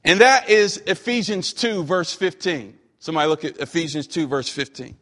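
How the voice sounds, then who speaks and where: High-voiced man preaching in a reverberant hall. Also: animated, a bit bright. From Western North Carolina, USA. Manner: emphatic preaching, slows for scripture, joking asides. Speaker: pastor. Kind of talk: sermon.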